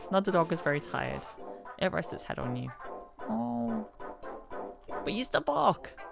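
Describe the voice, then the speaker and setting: A woman's voice: medium pitch, big pitch swings, unhurried, vocal fry. A woman giving casual gameplay commentary in a let's play, reading game text aloud and gushing playfully, music playing behind her. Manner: gushing and playful, squeals over dogs.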